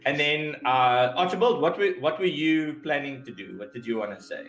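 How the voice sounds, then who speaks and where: A man acting as game master, narrating a tabletop game in an unhurried way, repeating himself as he goes. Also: on the high side, lively intonation, a bit bright. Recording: roomy echoey room, faint music.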